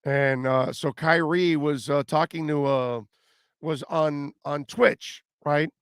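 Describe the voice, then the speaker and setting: A man's voice: a little high, fairly even intonation, takes it slowly, smooth, no room sound, clean studio sound. A man hosting a sports radio show, talking casually with fillers and repeated words.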